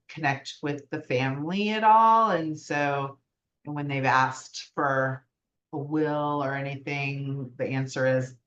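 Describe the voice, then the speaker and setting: A woman co-hosting a casual podcast chat, talking through a story with frequent pauses. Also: sits low, fairly bright tone, echoey room, lo-fi sound. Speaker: podcast co-host.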